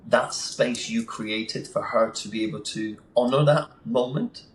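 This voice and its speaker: A man's voice: medium pitch, a little slow. A man talking as a podcast guest in a casual interview, enthusiastic and emphatic, sometimes acting out what others say. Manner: enthusiastic, emphatic, acts out quotes. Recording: echoey room with faint noise.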